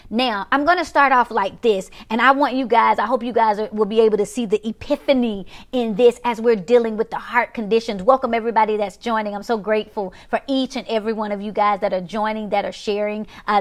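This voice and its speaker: A woman with a somewhat high voice delivers a live-streamed sermon. She repeats her main phrases for emphasis, drags out the key words, and keeps turning to greet and thank the viewers who are watching. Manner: repetitive, emphatic, drawn-out preaching with call-outs to viewers. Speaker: preacher hosting a live stream.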